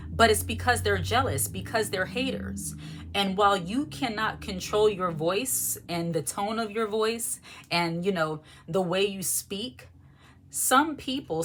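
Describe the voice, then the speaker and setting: A woman's voice: medium pitch, fairly bright tone, slight background noise. A woman vlogger giving frank, emphatic advice in a loose, conversational monologue. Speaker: lifestyle vlogger. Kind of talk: candid monologue to camera.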